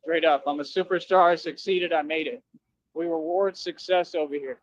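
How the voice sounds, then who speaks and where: A man's voice: on the high side, fairly even intonation, normal speed, lo-fi sound. A young man ranting on a stream clip, boastful and taunting with lots of slang.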